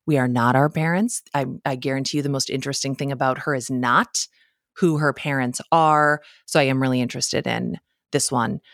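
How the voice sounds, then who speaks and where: A woman's voice: rumbling low, fairly even intonation, brisk, a bit bright, dry recording, clean studio sound. A woman with a Midwestern American accent hosting a solo podcast from her home office, chatting in a casual, self-deprecating way and laughing often. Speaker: podcast host.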